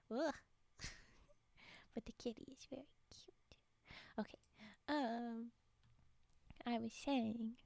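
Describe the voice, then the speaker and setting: High-voiced bubbly woman streamer. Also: dry recording. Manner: bubbly and apologetic, drifting into soft whispery asides. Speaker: livestream host. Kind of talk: casual live-stream chat with viewers.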